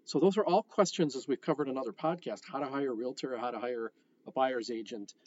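A man's voice: mid-range voice, a little fast, darkish tone, lo-fi sound. A man hosting a real estate podcast, talking frankly and conversationally, with frequent fillers and restarts. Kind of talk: podcast monologue.

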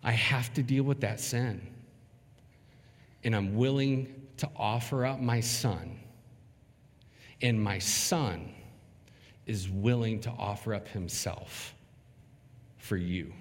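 A male pastor preaching a sermon from the pulpit, pausing dramatically between phrases. His pace is slow and weighted. The voice rings with the long reverb of a church sanctuary. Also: fairly low pitch.

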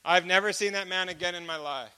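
Brief: male preacher giving a personal testimony, high and bright, lively storytelling with acted-out exchanges. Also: quick pace, clear, resonant tone. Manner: animated storyteller who acts out dialogue.

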